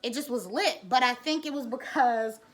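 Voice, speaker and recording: A woman's voice: on the high side, normal speed. A woman, telling her own story bluntly, with frequent cursing and rambling restarts. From the Bronx, New York. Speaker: nail technician. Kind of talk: candid personal storytelling.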